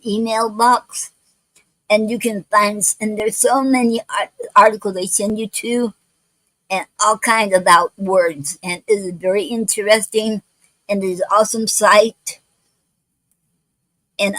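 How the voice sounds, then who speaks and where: Woman, poetry stream host, halting speech, slightly unclear words, dry close sound. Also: mid-range voice, fairly bright tone, no echo, poor audio. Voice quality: some words not pronounced clearly. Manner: halting, many restarts and fillers, spells out words letter by letter. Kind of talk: casual livestream talk. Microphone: home livestream mic.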